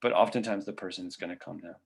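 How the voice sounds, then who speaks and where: A man with a low, gravelly voice answers audience questions after a medical webinar. He speaks in a relaxed, conversational way, thinking aloud and leaning on fillers as he explains. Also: fast talker. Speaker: physician presenter.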